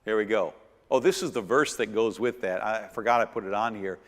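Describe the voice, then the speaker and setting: Here a middle-aged man, a pastor, teaches a seminar on church finances, his words ringing with the long echo of a church hall. He speaks on the low side and a little fast, hammering points by repeating words and posing rhetorical questions to the listeners.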